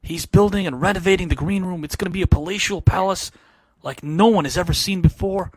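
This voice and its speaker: A man with a somewhat high voice cutting a grand, pompous wrestling-style promo. He swings between loud proclamations and a hushed, deliberate tone. The sound is dry and close. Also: no room sound. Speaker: panelist.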